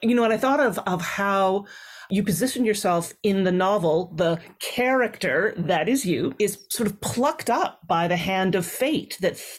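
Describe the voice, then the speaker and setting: A woman's voice: mid-range voice, husky. A woman hosting an interview, musing thoughtfully and often checking in with her guest. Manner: thoughtful, musing, uses frequent tag questions. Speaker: interview host. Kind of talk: interview conversation.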